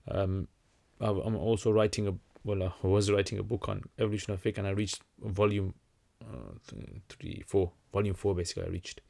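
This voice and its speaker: Brief: young man, low-pitched voice, loose livestream chat, lots of ums and restarts. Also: brisk, gravelly, few pauses. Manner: relaxed, conversational, many fillers and restarts. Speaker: livestream host answering questions. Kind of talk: casual livestream Q&A.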